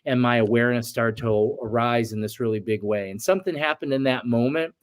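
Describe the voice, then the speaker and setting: Man in his forties, interview guest; earnest, reflective storyteller, mid-pitched, reenacts moments. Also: brisk. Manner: earnest, reflective, acts out his own past outbursts. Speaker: shaman guest.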